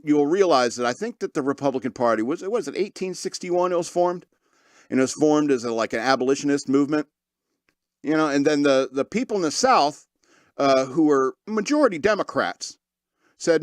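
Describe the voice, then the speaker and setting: With an expressive, medium-pitched voice at normal speed, a man hosts a podcast of comedic news commentary. He reads stories aloud and keeps breaking off to mock them sarcastically. The sound is clean studio quality with no room sound.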